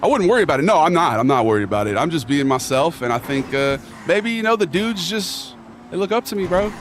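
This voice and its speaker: A man's voice: on the high side, sing-song, fast, a little hiss or hum. A young man streaming live and chatting casually, full of slang, rambling and reading chat aloud.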